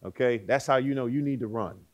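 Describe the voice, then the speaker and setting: A man delivers a sermon at a brisk clip in a medium-pitched voice. He swings dramatically between loud exclamations and hushed words, putting rhetorical questions to his listeners.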